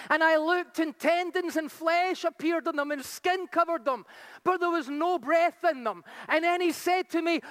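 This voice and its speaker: A woman preaching a sermon, reading scripture slowly and with weight, then telling stories quickly and fervently. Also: extremely high pitch. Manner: fervent, rising to exclamations.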